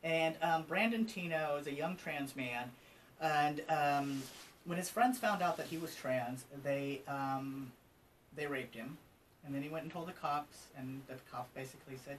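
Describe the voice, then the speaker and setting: A man nearing fifty from Colorado shares his life story as an interview guest, relaxed and conversational with many fillers. His voice sits a bit high for a man. He is picked up from a little off the microphone, over a faint hum of background ambience. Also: a little slow, recorded from a distance, poor audio. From Colorado, USA. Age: almost 50. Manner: open and conversational, many ums and asides. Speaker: interview guest, trans advocate. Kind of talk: candid personal storytelling. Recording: from slightly off mic with faint ambient noise.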